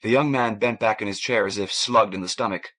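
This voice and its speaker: A man reading a science fiction novel as an audiobook narrator, measured and even. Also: lowish voice. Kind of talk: scripted narration.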